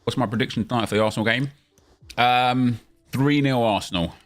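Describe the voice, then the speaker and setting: A man's voice: medium pitch, fairly quick, soft background music. A young man chatting casually on a live stream, answering viewer questions as he plays a football game.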